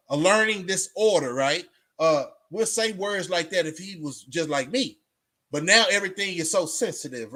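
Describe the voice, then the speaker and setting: High-voiced man rambling on a livestream. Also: bright, forceful tone. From Texas. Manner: streetwise slang, frequent fillers and restarts. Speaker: livestream host. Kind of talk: casual rambling monologue to viewers.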